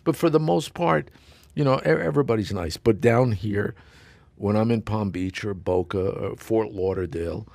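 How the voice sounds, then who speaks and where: A man's voice: lowish voice, normal speed, creaky, darkish tone, dry recording. A middle-aged man, a podcast guest talking bluntly and emphatically, swearing and acting out quotes. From New York. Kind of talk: casual chat.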